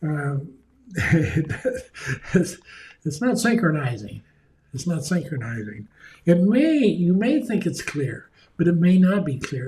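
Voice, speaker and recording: A man leads a leadership seminar in a relaxed, folksy way, breaking into the voices of bosses and employees as he goes. His voice sits a little high for a man. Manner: folksy, acts out quoted voices, chuckles. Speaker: leadership speaker. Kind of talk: conversational seminar talk.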